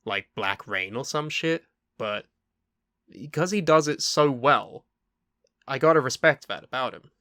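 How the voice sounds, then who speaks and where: Male co-host, bright forceful tone, dry close sound, measured and thoughtful. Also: medium pitch, animated, no room sound. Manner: thoughtful, hesitant with fillers. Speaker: podcast co-host. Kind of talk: casual chat.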